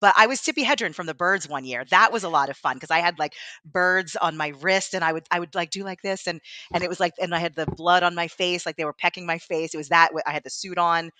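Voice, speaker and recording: A woman's voice: on the low side, quick pace, sharp tone, no echo. A woman co-hosting a podcast in casual chat, telling stories and laughing often. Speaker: podcast co-host.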